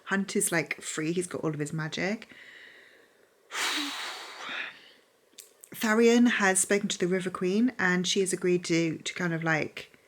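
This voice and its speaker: A woman's voice: lowish voice, unhurried, pauses often. A woman talking casually as a book vlogger, gushing and chatty with lots of fillers. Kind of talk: casual reading vlog.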